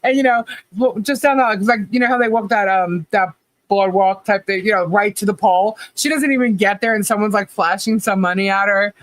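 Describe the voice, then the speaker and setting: A woman's voice: mid-range voice, brisk, dry recording. A woman co-hosting a live stream in casual chat, laughing often as she talks. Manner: giggly, laughs often while talking.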